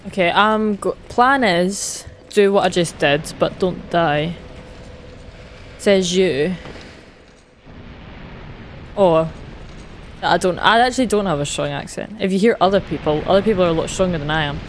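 A woman's voice: on the low side, unhurried, long pauses, a little hiss or hum. A young woman with a light Scottish accent chatting casually while she plays a video game on stream, laughing at herself and answering chat. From Scotland. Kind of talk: casual gameplay commentary.

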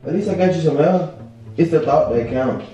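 A man's voice: fairly high pitch, moderate pace, warm tone, recorded from a distance, faint music behind. A young man in a home bedroom, teasing and mumbling in a laid-back way during a prank vlog. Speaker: vlogger. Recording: very echoey room.

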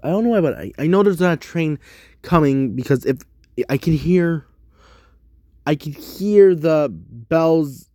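A man talks slowly to his viewers, stopping often to repeat words and fix his own mistakes as he sounds out phrases. His voice is close and dry, with no room sound around it. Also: on the high side, lively intonation, dark tone, dry recording. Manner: halting, self-correcting, repeats words aloud. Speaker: vlogger. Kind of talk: rambling commentary while doing a language app.

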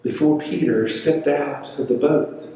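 A man's voice: a little high, a little slow, dark tone. A male pastor preaching a sermon, telling stories and acting out the voices in them. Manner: storytelling, acts out quoted voices. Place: church sanctuary. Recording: echoey church hall, mic at a distance.

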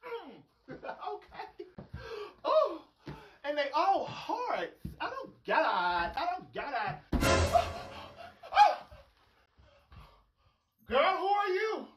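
Woman doing a sassy young Alicia, exclaiming, high voice, echoey room, clear background noise. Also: wildly swooping pitch, very slow, pauses often, distant mic, full character voice. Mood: sassy, bewildered. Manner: sassy, exclaiming, calls everyone girl and honey. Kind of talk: comedy sketch acting. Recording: roomy sound from off-mic with clear noise.

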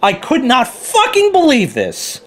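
Ranting vlogger, male, high and very animated voice, swears constantly. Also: unhurried. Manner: heated, profane, quoting others in put-on voices. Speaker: car hobbyist vlogger. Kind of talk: angry ranting story.

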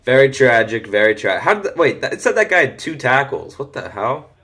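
A teenage boy casually commenting on a football video game from home, chatty, easily excited and often muttering to himself. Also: medium pitch, fairly quick. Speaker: gaming commentator. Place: home room.

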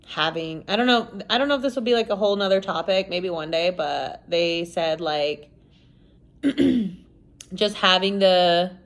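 A woman's voice: fairly low pitch, unhurried. A young woman from the United States talking casually to the camera in a vlog, candid and rambling, with lots of "like" and "you know". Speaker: vlogger. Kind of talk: casual confessional chat to camera.

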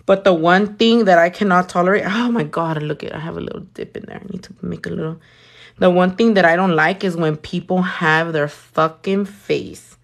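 A woman's voice: on the low side, fairly even intonation, moderate pace, creaky. A young woman doing her nails while chatting with live viewers, blunt and sassy, swearing often. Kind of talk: casual chat with live viewers.

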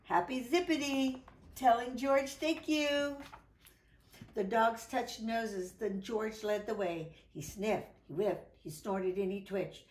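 A woman reading a children's picture book aloud in an animated, sing-song storytelling voice, with voiced exclamations and howls. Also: fairly high pitch, slow, reverberant.

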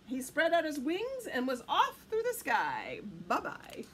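A woman reading a picture book aloud to children in an animated, sing-song way. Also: high voice, unhurried, a little hiss or hum. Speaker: children's storyteller.

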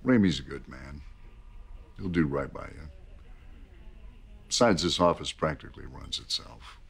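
An actor playing a composed male executive in a calm, reassuring manner with a husky voice, heard as a film clip. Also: extremely low pitch, measured pace, full character voice.

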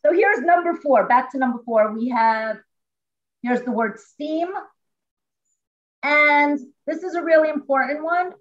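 A woman teacher talks from home over a video call, walking through a lesson step by step in a lively, chatty way. Her voice sits a little high, and the call audio comes through dull and lo-fi. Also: measured pace, long pauses. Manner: animated, chatty, explains step by step. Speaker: classroom teacher. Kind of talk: informal teaching demonstration.

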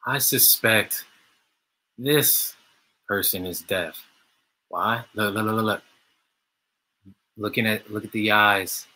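Man voicing a virtual art workshop live, slow and playful, bright tone, big pitch swings, short exclaimed phrases. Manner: animated, short exclamations and playful voiced reactions. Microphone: video call.

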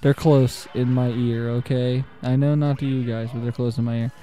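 A young man giving excitable, casual gameplay commentary, trash-talking the computer opponents and laughing often. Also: medium pitch, moderate pace, soft background music. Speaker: gaming channel host.

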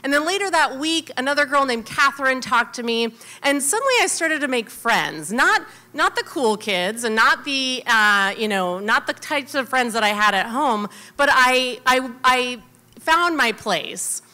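An American woman telling a personal story live on stage, chatty and animated, with many fillers. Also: high voice, a little slow. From United States.

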